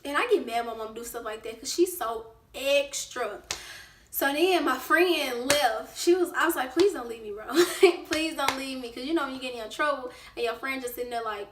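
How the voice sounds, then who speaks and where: A woman vlogger telling a casual storytime, lively and acting out what people said. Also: sits high, normal speed, far from the mic, noisy background. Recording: roomy echo, away from the mic.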